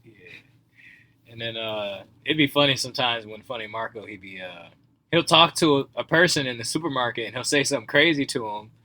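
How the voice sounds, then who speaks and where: A man's voice: mid-range voice, brisk, bright, forceful tone, low-quality recording. A man in casual chat on a podcast, chiming in with short agreements and laughing easily.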